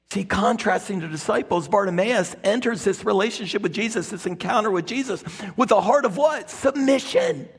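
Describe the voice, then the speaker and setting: A man's voice: high voice, moderate pace, few pauses, breathy edge. A man preaching a sermon as a pastor, dramatic, crying out quoted lines at full voice. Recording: long hall reverb.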